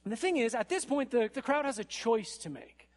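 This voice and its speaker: High-voiced animated male preacher. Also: fairly quick. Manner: animated, rising to emphatic peaks, frequent "right?" check-ins. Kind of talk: sermon.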